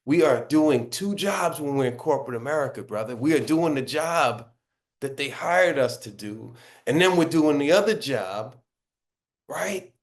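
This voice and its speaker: Earnest baritone man explaining. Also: expressive, unhurried. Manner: earnest, explanatory, often adds "right?". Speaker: author and guest. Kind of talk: interview answers.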